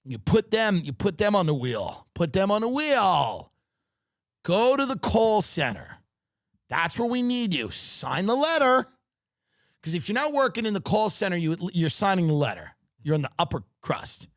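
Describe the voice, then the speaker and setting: A man hosting a comedy podcast who rants with biting sarcasm. His voice is high and swings widely in pitch. The sound is dry and close. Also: big pitch swings, moderate pace, dry recording. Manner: sarcastic, ranting. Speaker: podcast host. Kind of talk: comedic rant.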